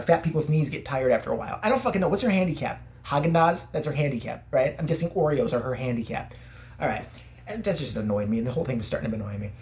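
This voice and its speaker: Sarcastic, profane rant in an animated voice. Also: mid-range voice. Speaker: vlogger. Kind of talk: casual ranting storytelling.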